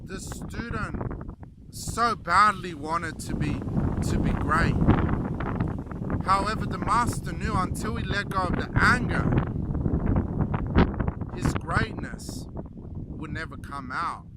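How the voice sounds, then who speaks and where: A man's voice: high voice, takes it slowly, pauses often, very noisy. A man giving a motivational talk, telling a story and giving tips in an earnest, emphatic way. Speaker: motivational speaker.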